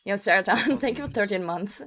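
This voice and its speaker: A woman streamer chatting casually with her viewers and reading their messages aloud, her voice worn and hoarse from a cold. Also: mid-range voice, animated, a little fast, fairly bright tone, slight background noise. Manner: loose and chatty, swears, reads chat aloud and laughs. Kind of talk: casual livestream chat.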